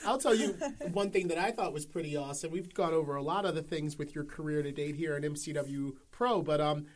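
A host leads the conversation with an easy, measured delivery and a voice in the middle range. The questions dig into the guest's experiences and stay calm. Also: medium pitch. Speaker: podcast host. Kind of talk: interview questions.

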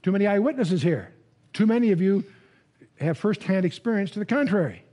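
Conversational male Bible teacher, mellow tone. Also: high voice, lively intonation, a little fast. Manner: conversational, repeats words when restarting, asks the audience questions. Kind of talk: Bible lecture to a live audience.

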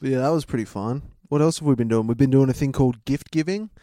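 A man's voice: mid-range voice, quick pace, dark tone, no room sound. A man co-hosting a podcast, trading dry, teasing banter with his friend. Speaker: podcast co-host. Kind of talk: casual comedic chat.

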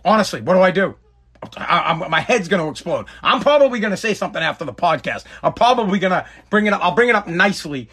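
A man with a high-pitched voice hosts a casual podcast. He rants in an exasperated, emphatic way and keeps hammering the same complaint over and over. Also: sing-song, fast talker, fairly bright tone, breathy edge. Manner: exasperated, emphatic, repetitive ranting. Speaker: podcast host.

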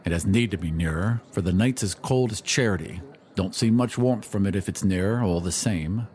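A man's voice: sits low, normal speed, a little mellow, natural voice. A man reading an audiobook voices a lonely tramp on a cold night, muttering and grumbling. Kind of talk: audiobook character voice.

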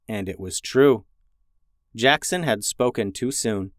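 A man reading a children's adventure story in a gentle, even storytelling manner as a podcast host. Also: on the low side, takes it slowly, no echo, clean studio sound. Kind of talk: scripted story narration.

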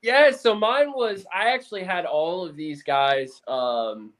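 A man co-hosting a sports podcast in a casual chat, telling stories in an animated, excitable fan's way. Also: high-pitched, unhurried. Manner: animated, excitable fan storytelling. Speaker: podcast co-host.

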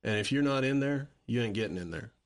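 A man's voice: medium pitch, lively intonation, fast talker. A man musician chatting casually, rambling with restarts and casual swearing. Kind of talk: casual chat.

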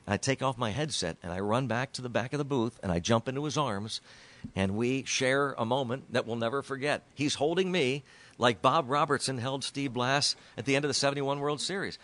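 A middle-aged man with a mid-range voice, the sportscaster guest telling a long story. He talks in an animated way and repeats words as his excitement builds. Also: medium pitch, a little fast. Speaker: baseball broadcaster, guest. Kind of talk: storytelling interview.

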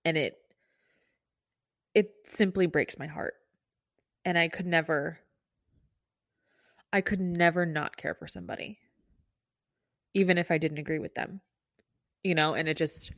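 A young woman hosting a solo podcast talks in a candid, rambling way, full of "like" and restarts. Her voice sits a little low for a woman. It is recorded close on a podcast mic in a dry room with no echo. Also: fairly even intonation, measured pace, pauses often. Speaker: nurse and podcast host. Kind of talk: casual solo podcast talk. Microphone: podcast microphone.

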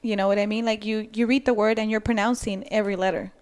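A woman from California chatting as a podcast guest, animated and laughing at herself. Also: medium pitch, fast, smooth. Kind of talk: casual chat.

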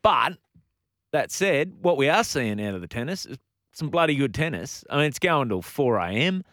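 A man co-hosting a radio show, joking and putting on quick voices. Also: medium pitch, sing-song, a bit bright, dry recording, clean studio sound. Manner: jokey, puts on quick voices. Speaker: radio host. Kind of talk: casual radio banter.

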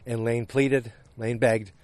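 A man's voice: medium pitch, level tone, takes it slowly, darkish tone. A man casually recapping a TV episode, rambling with lots of fillers and restarts. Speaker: show recapper. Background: dogs barking.

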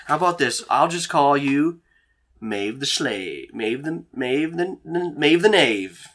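A man's voice: mid-range voice, expressive, takes it slowly, a bit bright, voice pushed up. A man voicing an awkward, nerdy young man who stammers and is eager to please, in a tabletop role-play. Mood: apologetic.

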